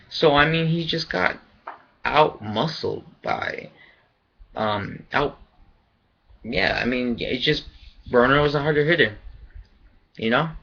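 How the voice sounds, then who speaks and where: A man's voice: fairly high pitch, bright, forceful tone, lo-fi sound. A man giving a casual, rambling fight review, loose and profane in his opinions. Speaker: boxing vlogger.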